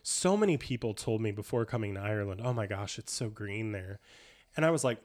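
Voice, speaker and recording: A man co-hosting a podcast, telling stories in an enthusiastic, animated casual chat. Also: on the low side, a little fast. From United States. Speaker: podcast co-host.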